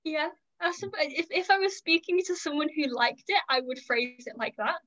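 A woman's voice: high-pitched, animated, moderate pace, fairly bright tone. A woman as a podcast guest, chatting casually and bluntly, full of "like" and "um". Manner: blunt and opinionated, lots of "like" and "um". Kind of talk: casual chat. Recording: dull lo-fi podcast audio.

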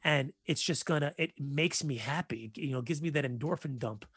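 A man in his forties telling stories in a casual chat, animated and profane. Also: a little high, fairly quick, breathy edge, no room sound. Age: 40s.

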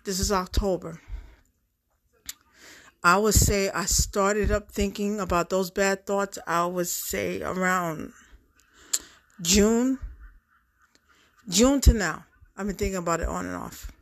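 A woman's voice: medium pitch, slow, pauses often. A middle-aged woman talking straight to her viewers in a casual monologue, emphatic and repeating herself for effect. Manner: emphatic, repetitive, addresses audience directly. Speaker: vlogger.

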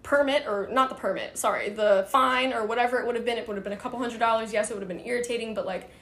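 A young woman casually telling a story, animated and full of fillers, acting out quoted dialogue. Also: fairly high pitch, fast talker. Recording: roomy echo with faint background noise.

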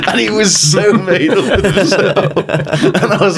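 A man's voice: sits high, big pitch swings, slow pace, creaky, pauses often, slightly rough. A man co-hosting a podcast, telling a dream story in casual chat and laughing through it. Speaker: podcast co-host.

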